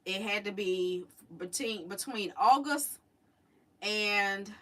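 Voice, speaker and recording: Chatty woman, bright and slightly distant. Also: medium pitch, slow pace. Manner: chatty and animated, drawls out fond memories. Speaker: livestream host. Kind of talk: casual storytelling to a live chat. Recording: voice a little distant from the mic.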